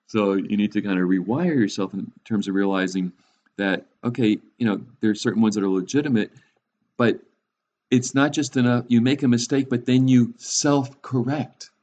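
A man's voice: fairly low pitch, darkish tone. A middle-aged man teaching in a casual, conversational way, with frequent restarts and chuckles at his own jokes. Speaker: Christian speaker. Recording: dull lo-fi recording with faint noise.

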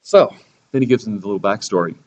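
A low-voiced man leads a Bible lesson with a sarcastic, theatrical edge, jumping up in volume when he acts out the scripture. The recording sounds dull and lo-fi. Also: fast talker, a little mellow. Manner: sarcastic, theatrical, reads quotes in a raised voice. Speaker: Bible teacher. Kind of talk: sermon-style Bible teaching.

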